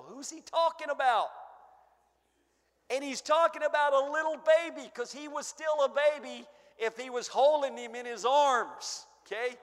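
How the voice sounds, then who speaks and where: Man, preacher, very high voice, emphatic sermon, loud then hushed, long hall reverb. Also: normal speed. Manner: emphatic, swings between booming and hushed. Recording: long echo of a church hall.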